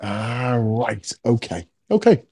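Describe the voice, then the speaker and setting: A man's voice: mid-range voice, very animated, takes it slowly, dark tone, husky. A man hosting a podcast, chatting casually and jokily with plenty of ums. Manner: chatty, jokey, lots of ums. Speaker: podcast host. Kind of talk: casual chat.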